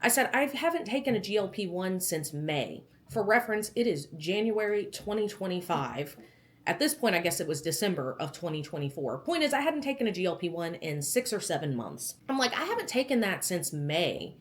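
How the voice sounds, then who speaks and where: A woman's voice: fairly low pitch, sing-song, brisk. A pregnant young woman vlogging casually, animatedly retelling a doctor's visit and acting out the quotes. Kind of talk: casual storytelling vlog.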